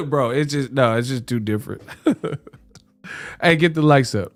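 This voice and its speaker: A man hosts a live boxing chat, talking in loose slang with plenty of jokes. His voice sits at a middle pitch and is recorded close and dry. Faint music plays quietly underneath. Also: animated, a little slow, long pauses, dry recording. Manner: joking, slangy, puts on mock British voices. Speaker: host. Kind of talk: casual livestream chat.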